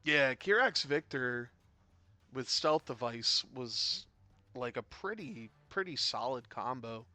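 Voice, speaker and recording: A man casually commentating a tabletop game, rambling and chatty, breaking into sudden loud excited bursts. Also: medium pitch, takes it slowly, no echo, faint music behind. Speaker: game caster.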